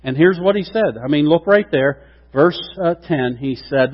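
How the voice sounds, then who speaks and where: A middle-aged man preaching a sermon, acting out quotes with lively asides to the congregation. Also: on the high side, moderate pace. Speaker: pastor. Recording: dull lo-fi sound with long hall reverb.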